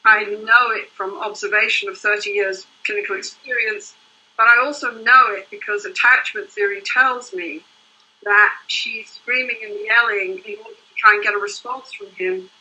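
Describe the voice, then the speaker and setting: A woman's voice: a little high, bright, forceful tone, poor audio. An older woman, a couples therapist, explaining her work in earnest, flowing interview answers. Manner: earnest, explains in long flowing runs with "you know" and "right?".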